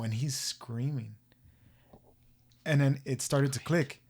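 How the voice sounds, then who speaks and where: A man hosting a podcast, telling a story in a casual, profane, animated way and acting out the voices he quotes. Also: mid-range voice, takes it slowly, pauses often. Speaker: podcast host.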